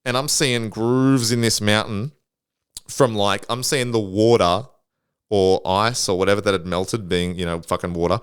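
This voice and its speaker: A man's voice: fairly low pitch, fairly even intonation, normal speed, smooth, no room sound, studio quality. A young man hosting a podcast, telling rambling travel stories in a laid-back, profane way. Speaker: podcast host. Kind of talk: casual storytelling.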